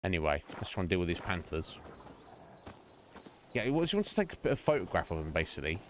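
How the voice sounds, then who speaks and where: A man streaming a game, chatting casually in a rambling, halting way and often laughing. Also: low voice, sing-song, a little hiss or hum.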